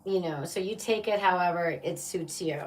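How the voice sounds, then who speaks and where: A woman's voice: fairly low pitch, moderate pace, distant mic, a little hiss or hum. A woman giving a casual live-streamed tarot reading, chatty and playful, often laughing and calling her viewers "my love" and "baby". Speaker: tarot reader.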